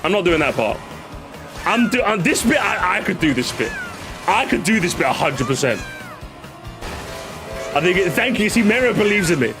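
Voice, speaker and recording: A male streamer reacting live to game replays, chatty and excitable, rambling with many restarts. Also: high-pitched, moderate pace, pauses often, music in the background.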